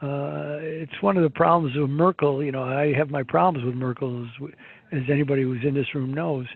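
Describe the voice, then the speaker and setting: A man's voice: medium pitch, fairly even intonation, brisk, vocal fry, breathy edge, no room sound. A man giving rambling, opinionated market commentary, full of fillers and restarts. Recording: tinny phone-like line.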